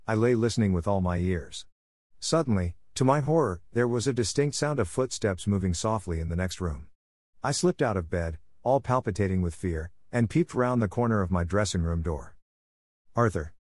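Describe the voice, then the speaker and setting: Low-voiced male audiobook narrator. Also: animated, normal speed, a little mellow, no room sound, clean studio sound. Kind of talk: first-person audiobook narration.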